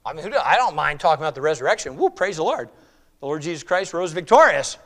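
A man delivering a sermon with a high, light voice. He preaches emphatically, rising to loud exclamations and dropping to hushed lines, and repeats words and phrases for emphasis. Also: expressive, very fast. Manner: emphatic, swings between loud exclamations and hushed near-whispers.

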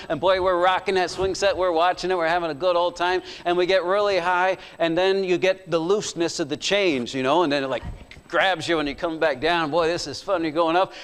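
Male preacher, high voice, storytelling sermon with slow scripture reading, long hall reverb. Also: a bit bright, smooth. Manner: storytelling, asks the congregation questions.

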